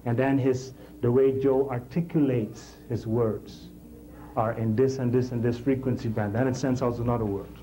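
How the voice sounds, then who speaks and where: A man teaching a technical class in a classroom, halting and repeating words as he explains and checking in with the class. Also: mid-range voice, fairly even intonation, dark tone, rough recording. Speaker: instructor.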